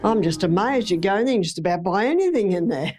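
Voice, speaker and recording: A woman's voice: mid-range voice, lively intonation, fast talker, darkish tone, faint music behind. An Australian woman lecturing an audience on health in a chatty way, repeating phrases for emphasis. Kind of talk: live talk to an audience.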